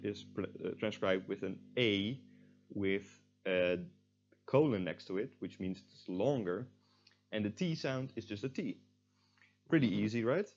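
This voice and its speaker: A man's voice: lowish voice, darkish tone, lo-fi sound. A young man teaching a recorded language lesson, explaining step by step with frequent fillers.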